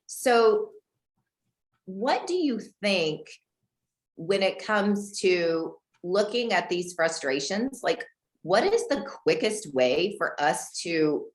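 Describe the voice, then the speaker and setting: A woman from Houston, Texas, coaching a group on a video call, animated and acting out dialogue with big pitch jumps. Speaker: guest real estate coach. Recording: roomy echo.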